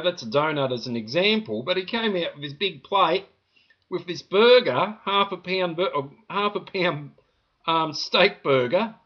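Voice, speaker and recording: A man's voice: sits high, lo-fi sound. A man from Australia with an Australian accent, rambling indignantly to camera about a complaint, with lots of "you know" fillers. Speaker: vlogger.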